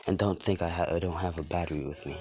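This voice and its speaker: A man's voice: low voice, fairly even intonation, fast talker, a little mellow, a little hiss or hum, close to an everyday voice. A man doing a smug taunting teen boy. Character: smug cocky teenage boy hero.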